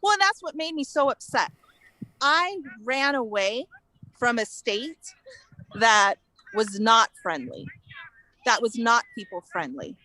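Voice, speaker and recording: A woman from California, a guest telling her story in an animated, indignant way and acting out the exchanges she quotes. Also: a little high, slow, pauses often, low-quality recording. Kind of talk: casual interview storytelling.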